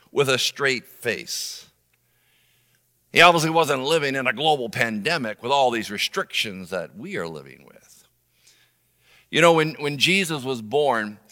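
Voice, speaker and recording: A middle-aged man preaching a sermon, animated, swinging between loud emphasis and soft low asides. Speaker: pastor. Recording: long reverb of a large room.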